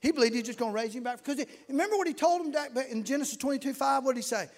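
A man's voice: extremely high pitch, lively intonation, very fast. A man preaching a fervent, folksy sermon and reading scripture aloud in a church. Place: church sanctuary. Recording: echoey hall with long reverb.

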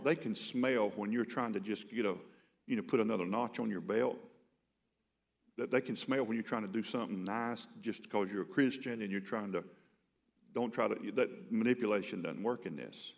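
Man, pastor, sermon, low voice, chatty storytelling, repeats words. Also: gravelly. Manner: conversational storytelling, repeats words when starting sentences.

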